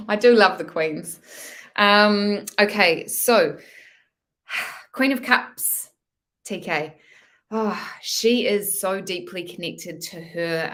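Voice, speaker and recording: A woman with a rather low but fairly bright voice hosts a live-stream tarot reading. She chats affectionately with viewers, calls them "my love," and often ends her lines with "hey?".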